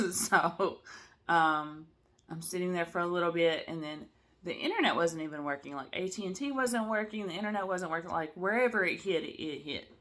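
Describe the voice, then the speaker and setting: A woman's voice: on the low side, normal speed, fairly bright tone. A tired woman chatting casually to camera at home, rambling with lots of fillers and asides. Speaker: cross-stitch vlogger.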